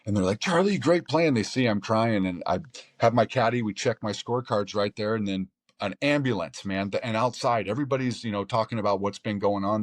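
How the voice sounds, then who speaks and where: Middle-aged American man, pro golfer guest, lowish voice, dry close mic, rambling storyteller. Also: no room sound. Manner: rambling, animated retelling with restarts and quoted inner speech. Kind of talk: casual storytelling in an interview.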